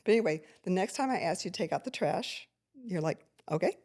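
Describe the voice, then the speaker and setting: A woman's voice: on the low side, brisk. An older woman, a mother on a family podcast, telling a story and acting out the people in it. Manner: animated storyteller who acts out quoted voices.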